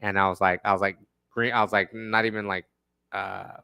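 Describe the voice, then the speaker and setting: A man hosting a podcast, telling a rambling, profane story in a casual, animated way. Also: on the low side, a little fast, gravelly, smooth. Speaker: podcast host.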